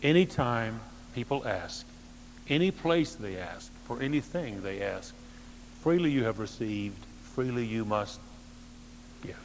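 A man preaching in a church sanctuary, his voice carrying into a long reverb with a faint electrical hum underneath. He's emphatic and swings from loud, stressed lines down to quiet, low phrases. He throws in dry little jokes along the way. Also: lively intonation, a little slow, creaky. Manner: dry humorous asides. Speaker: pastor. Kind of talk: sermon.

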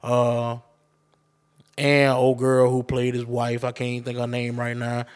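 A podcast host rants casually and profanely, speaking straight to his listeners on his own show. His medium-pitched voice is smooth and unhurried, with a completely flat delivery.

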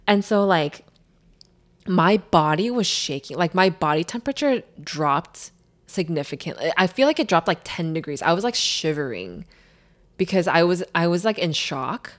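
Young woman, low-ish voice, casual chat, rambling, lots of fillers, storyteller. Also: expressive, moderate pace.

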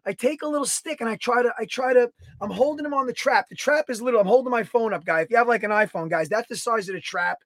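A man co-hosting a podcast, telling a story in a casual, animated way, swearing and acting out his own quotes. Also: extremely high pitch, fast, hardly any pauses, no echo. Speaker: podcast co-host. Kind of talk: casual chat.

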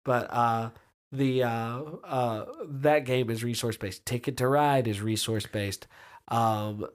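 A man's voice: medium pitch, steady tone, a little slow, smooth. A man co-hosting a podcast, chatting casually and thinking aloud with restarts and mild jokes. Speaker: podcast co-host. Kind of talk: casual chat.

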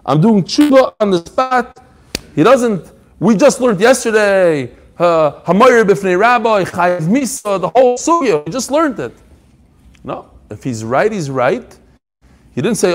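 A man teaching a Talmud class, emphatic and animated, quoting passages and explaining them in English. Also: high voice, unhurried. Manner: animated, emphatic, mixing Hebrew-Aramaic quotes with English explanation.

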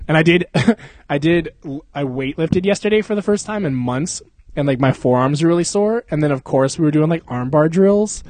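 A man's voice: on the high side, expressive, moderate pace, a little mellow, no room sound. A young man hosting a casual podcast, rambling and swearing, laughing often, sounding sleepy. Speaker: podcast host. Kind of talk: casual chat. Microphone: close podcast mic.

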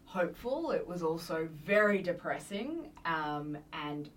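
A woman's voice: lowish voice, big pitch swings, a little slow. A woman co-hosting a film podcast, chatting casually with giggles and searching for words. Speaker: podcast co-host. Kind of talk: casual film review chat. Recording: distant mic with faint room noise.

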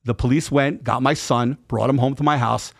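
A middle-aged man telling a personal story in a casual interview, emphatic and animated. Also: mid-range voice, moderate pace, vocal fry. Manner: emphatic, animated retelling with acted quotes and profanity. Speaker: podcast guest.

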